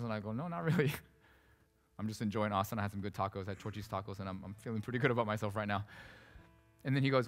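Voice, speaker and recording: Fast-talking, bright-voiced male pastor. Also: medium pitch. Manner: animated storytelling, conversational and emphatic. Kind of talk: sermon. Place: church sanctuary. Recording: preached in a reverberant hall with soft guitar behind.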